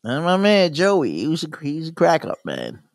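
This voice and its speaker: A man hosting a podcast in casual chat, relaxed and laughing often, leaning on "you know". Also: a little high, moderate pace, creaky, dry recording, studio quality. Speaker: podcast host.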